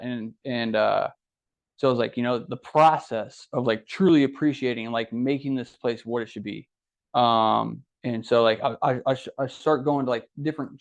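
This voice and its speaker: A young adult man from Ohio, a podcast guest, tells his story casually and acts out what others said. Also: mid-range voice. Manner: animated, acts out quoted dialogue. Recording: dull lo-fi podcast audio.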